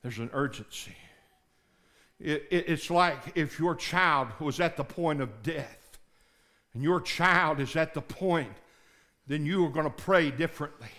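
A male pastor preaching a sermon, dropping to low murmurs and rising to shouted, pleading prayers. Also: unhurried.

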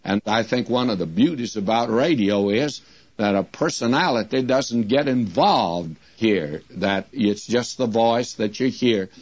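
An older man teaching the Bible as a radio preacher, slowing down and drawing out the words whenever he quotes scripture. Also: lowish voice, dry recording. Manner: slows to a drawn-out crawl when quoting scripture. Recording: muffled old radio broadcast recording.

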